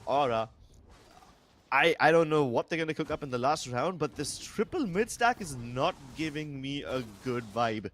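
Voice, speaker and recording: A young man calling a live esports match, measured play-by-play with playful asides. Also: fairly high pitch, lively intonation, fairly bright tone, a little hiss or hum. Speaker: esports caster.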